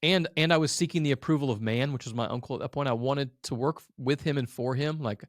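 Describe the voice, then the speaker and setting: A man's voice: mid-range voice, fast, no echo. Earnest guy in his 30s telling his story on a podcast, emotional, self-described crier, dry sound. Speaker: guest, agency owner. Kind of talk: candid conversational storytelling.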